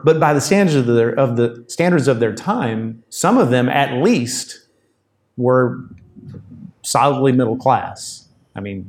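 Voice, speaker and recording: Conversational pastor preaching. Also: male voice, medium pitch. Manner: conversational, explains with asides. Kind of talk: sermon.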